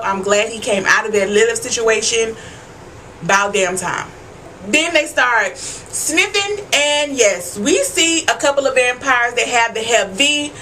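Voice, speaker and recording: Bright-voiced chatty woman vlogger. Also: on the high side, slight background noise. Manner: chatty and profane, keeps asking "you know what I'm saying". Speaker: TV recap vlogger. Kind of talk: casual TV episode recap.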